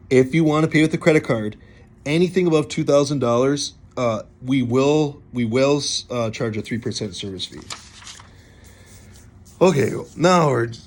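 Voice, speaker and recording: Casual joking contractor man. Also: medium pitch. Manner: informal, joking, mildly stern. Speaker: contracting company representative. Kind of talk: casual explanatory walkthrough.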